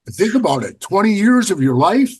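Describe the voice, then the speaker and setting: A man's voice: high voice, big pitch swings, a little fast, a little hiss or hum. A middle-aged man, a podcast guest, telling blunt, profane stories and acting out the quotes in his anecdotes. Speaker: podcast guest, former biker club member. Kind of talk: casual storytelling interview.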